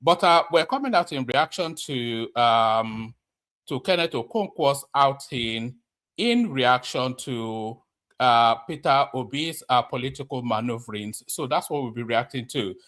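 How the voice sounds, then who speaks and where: Male streamer, casual rambling commentary, slightly breathless, mid-pitched. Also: animated, measured pace, a bit bright. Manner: rambling, many fillers and restarts. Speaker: commentator host.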